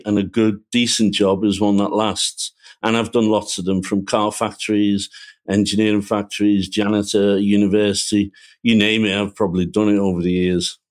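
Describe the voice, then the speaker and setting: A man with a Liverpool accent, a guest author, recalling his working-class life in a reflective, storytelling way. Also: lowish voice. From Liverpool, England. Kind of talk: casual interview.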